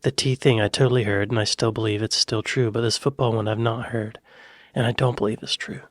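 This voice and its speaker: An American man reacting to a video, musing out loud with hesitant, chuckling asides. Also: lowish voice, steady tone, brisk, no room sound, studio quality. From United States. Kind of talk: casual reaction commentary.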